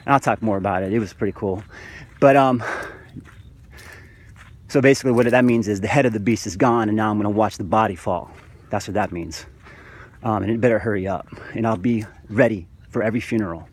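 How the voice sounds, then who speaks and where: A man's voice: fairly low pitch, a little fast, long pauses. A man in a spiritual monologue to camera, fervent and preachy, rambling with restarts and calling the viewers "guys". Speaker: vlogger.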